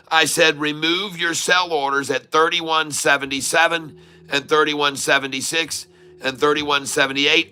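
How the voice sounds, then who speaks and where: A man's voice: on the high side, pushed and bright, clear, resonant tone. A middle-aged man giving casual livestream stock commentary as a day-trading streamer, emphatic and repetitive, often laughing and calling his viewers folks.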